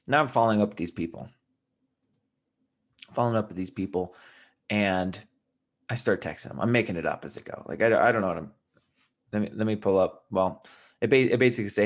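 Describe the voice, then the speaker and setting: A man with a fairly low voice tells his story in a loose, rambling way, restarting his sentences and sinking into a quiet mutter. He sounds a bit tired as he talks straight to his viewers. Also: brisk, creaky, pauses often. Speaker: vlogger. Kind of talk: casual storytelling to camera.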